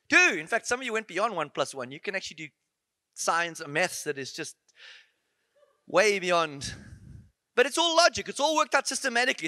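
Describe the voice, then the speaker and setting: A man preaching a conference sermon in a church, animated and playful, full of rhetorical questions and asides. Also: sits high, dry recording.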